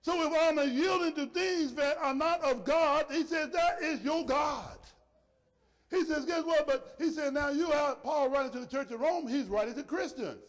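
Preacher guy, real emphatic, yells then drops low, lots of hall reverb. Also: moderate pace, few pauses. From rural area. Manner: emphatic preaching, swings between shouting and soft low asides. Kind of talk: sermon.

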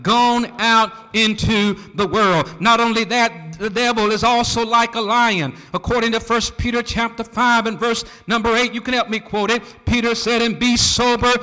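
Preacher, male, very high bright voice, rhythmic call-and-response delivery, church with long reverb. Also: fairly even intonation, normal speed, hardly any pauses, clean tone. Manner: rhythmic, rising to shouts, quizzing the congregation. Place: church sanctuary.

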